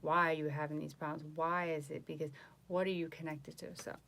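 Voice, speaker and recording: A woman tarot reader chatting casually on a live stream from home, boastful and animated, mocking others in voices. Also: low-pitched, a little fast, vocal fry.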